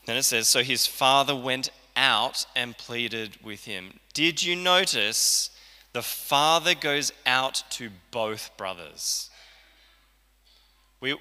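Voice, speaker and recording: A man preaching a sermon in a loose, conversational way, slipping into the voices of the people he quotes. His voice is very bright and cutting, with a long hall reverb trailing behind it. He speaks from a church hall. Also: mid-range voice. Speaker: pastor.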